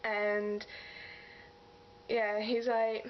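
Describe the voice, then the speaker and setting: A woman's voice: fairly high pitch, level tone, unhurried. A young woman from England, gushing and rambling as she retells a story in a casual vlog. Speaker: vlogger. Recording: dull lo-fi sound with faint hiss.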